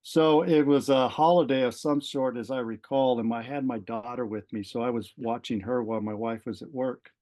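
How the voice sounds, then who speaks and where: Middle-aged retired fire captain as podcast guest, earnest and halting, retells events with repeated starts. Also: male voice, mid-range voice, steady tone, a little mellow. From Southern California. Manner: earnest, halting, repeats words as he gathers thoughts. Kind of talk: personal storytelling in an interview.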